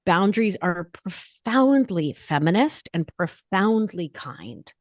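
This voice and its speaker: Animated woman podcast guest, dry sound. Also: fairly low pitch, takes it slowly, dry recording. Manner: animated, emphatic, casual slang. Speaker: guest, nurse practitioner and author. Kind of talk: podcast interview talk.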